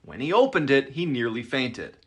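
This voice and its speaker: A man's voice: medium pitch, very animated, moderate pace, husky. A man narrating short creepy true-story clips in a dramatic, suspenseful scripted way.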